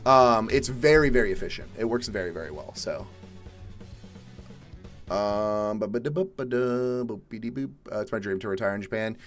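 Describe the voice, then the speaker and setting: A young man from Atlanta, Georgia, chatting casually on a live stream, reading viewer questions and answering in a laid-back way, with the odd swear word and loud exasperated outbursts. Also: on the low side, moderate pace, long pauses. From Atlanta, Georgia, USA. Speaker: livestream host. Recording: faint music behind.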